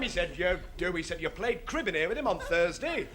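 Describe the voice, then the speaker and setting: A man's voice: sits high, big pitch swings, fast talker, hardly any pauses. A man telling a pub story on stage in a stand-up act, in a chatty patter that repeats lines for effect. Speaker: stand-up comedian. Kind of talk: stand-up joke telling to a live audience. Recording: noisy 1970s TV stage recording.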